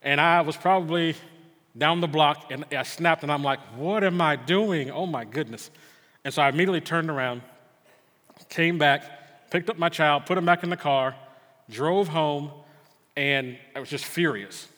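Earnest middle-aged pastor in reverberant church. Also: male voice, fairly high pitch, normal speed, sharp tone. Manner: earnest storytelling, frequent stammered restarts. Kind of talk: sermon with personal story. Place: church sanctuary. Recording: long hall reverb.

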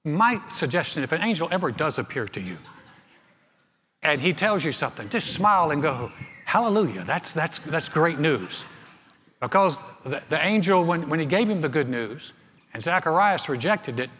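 A man's voice: fairly high pitch, sing-song, moderate pace, bright, forceful tone, a little hiss or hum. Man preaching with long hall reverb. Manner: storytelling, humorous, repeats words. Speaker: pastor. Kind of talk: sermon. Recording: long reverb of a large room.

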